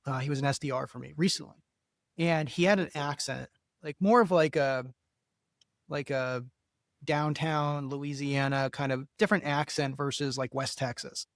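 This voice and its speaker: A man's voice: a little high, steady tone, normal speed, no echo, clean studio sound. Chatty, self-assured podcast host man. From Philadelphia area, US. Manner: chatty, self-assured, rambling with many fillers. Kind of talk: casual interview talk.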